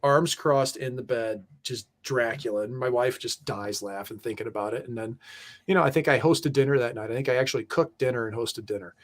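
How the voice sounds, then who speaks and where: A middle-aged man, a former pro goalie, telling loose, profane stories in casual chat and laughing through them. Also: mid-range voice. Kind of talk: casual storytelling.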